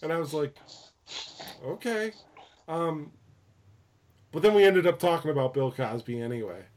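A man's voice: on the high side, animated, fairly quick, darkish tone. Rambling man telling a story. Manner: rambling with many fillers and restarts, profane. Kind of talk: casual chat, storytelling.

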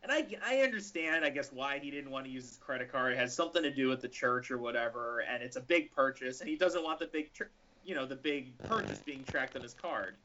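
A man's voice: medium pitch, fairly quick, slight background noise. A man on a casual podcast, telling a story and acting out the dialogue. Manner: animated, acts out the dialogue in his story. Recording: lo-fi podcast audio.

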